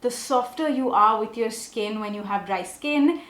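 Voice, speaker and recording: Young female beauty vlogger, chatty and animated, higher voice, echoey room. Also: a little slow. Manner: chatty, animated, often asks okay?. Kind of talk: casual makeup tutorial and storytelling.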